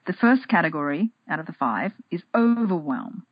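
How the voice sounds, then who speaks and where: A woman's voice: lowish voice, animated, moderate pace, slightly rough, dry recording, highs cut off. A woman guest on a podcast, talking casually and animatedly, acting out her inner voices, often restarting and repeating words. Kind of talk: casual interview talk.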